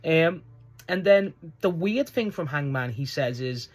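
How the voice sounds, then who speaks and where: A man's voice: on the high side, animated, unhurried. Profane, rambling male wrestling reviewer. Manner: rambling, profane, frequent restarts and fillers. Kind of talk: casual spoken review.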